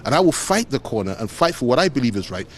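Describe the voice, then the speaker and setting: A man's voice: medium pitch, very animated, fast, a little hiss or hum. A man giving an earnest, emphatic press statement, repeating phrases for weight. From Nigeria. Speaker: politician speaking to the press.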